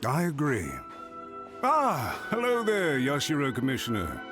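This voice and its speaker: A polite, deferential retainer in a video game. His intonation rises and falls freely at a middle pitch. Light music plays behind him. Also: huge pitch swings, measured pace. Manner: courteous, deferential.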